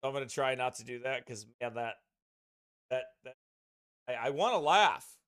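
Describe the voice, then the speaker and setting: Rambling pastor chatting into a dry mic. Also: male voice, medium pitch, expressive, moderate pace, fairly bright tone, clean tone, dry recording. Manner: rambling, chatty, with many restarts. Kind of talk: casual chat with a streaming congregation. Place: at a desk beside his streaming computer. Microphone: streaming mic close at his desk.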